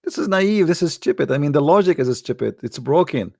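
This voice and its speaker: Gravelly, blunt male debate host. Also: a little high, expressive, brisk, darkish tone, no room sound, clean studio sound. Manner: blunt and scornful, repeats himself. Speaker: host of call-in debate show. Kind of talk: call-in debate.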